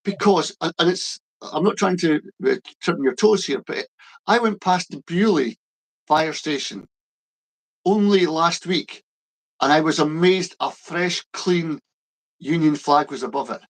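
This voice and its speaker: A Scottish man co-hosting a political discussion, blunt and emphatic, often halting and restarting. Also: on the high side. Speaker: co-host.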